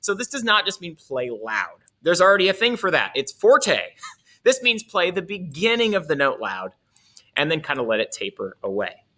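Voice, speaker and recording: A man's voice: fairly high pitch, sing-song, normal speed, pushed and bright. A man teaching a music lesson, explaining in an upbeat, playful way with little asides.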